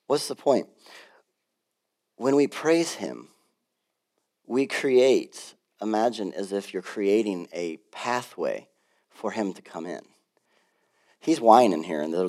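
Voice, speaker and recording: A man pastor preaching a sermon in an animated, conversational way, with frequent asides. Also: lowish voice, takes it slowly, long pauses.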